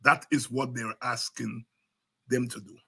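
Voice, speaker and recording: A man's voice: mid-range voice, fairly even intonation, measured pace, creaky, bright, forceful tone, breathy edge. A man with a Guyanese Creole accent giving fiery, preaching political commentary as a show host, repeating himself and sliding into Creole.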